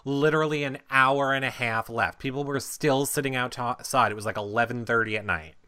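A man hosting a casual chat, retelling events in an animated way with lots of fillers. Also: mid-range voice, brisk, clean tone. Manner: animated storytelling with many fillers. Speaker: reality show recap host.

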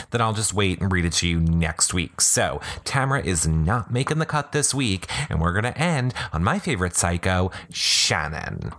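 Male recap host, deep-pitched and highly animated, snarky and excitable. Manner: sarcastic, gossipy, excitable. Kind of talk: comedic reading and commentary.

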